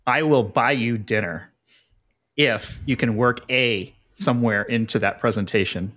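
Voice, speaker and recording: A man hosting a podcast, joking with his guest in a relaxed way and reading show promos. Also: medium pitch, a little slow. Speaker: podcast host. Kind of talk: casual podcast chat.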